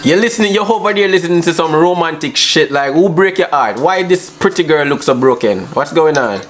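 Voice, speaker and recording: A man's voice: a little high, animated, fairly quick. A man, a vlogger teasing strangers on a video chat app with brash, slangy banter. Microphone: phone on a video call app. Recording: noisy phone recording.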